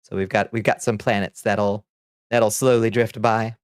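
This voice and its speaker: A relaxed man streaming live, talking loosely with his chat and laughing easily between remarks. His voice sits on the low side, recorded close and dry with almost no room sound. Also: moderate pace, clear, resonant tone, no echo. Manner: laid-back, chuckles often, greets chat by name. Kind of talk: casual livestream chat.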